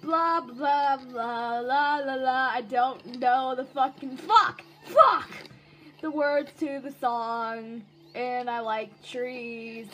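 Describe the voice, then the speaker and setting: A woman's voice: a little high, flat delivery, very slow, few pauses, soft background music, voice pushed down, low-quality recording. A woman voicing a foul-mouthed, murderous robot in a comic voice-over dub, humming tunelessly and swearing constantly. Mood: cursing.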